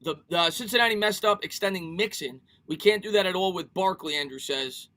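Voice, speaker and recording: A man's voice: high-pitched, fairly quick, pushed and bright. A man hosting a casual live sports stream, talking energetically, repeating himself and reading viewer comments aloud.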